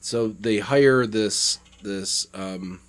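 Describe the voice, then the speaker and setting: Slow-talking low-voiced joking man. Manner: joking, laughs often. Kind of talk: casual podcast chat.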